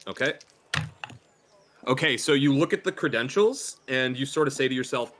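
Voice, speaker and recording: A man's voice: mid-range voice, moderate pace, fairly bright tone, a little hiss or hum. A man narrating a tabletop horror game as game master, hesitant with many fillers.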